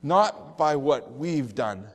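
A male pastor preaching a sermon, telling stories and slowing down on emphatic phrases. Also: medium pitch, expressive, big-room sound.

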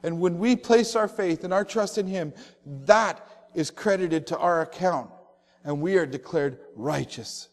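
A male pastor preaching a sermon, telling stories and slowing down on emphatic phrases. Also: on the high side, big-room sound.

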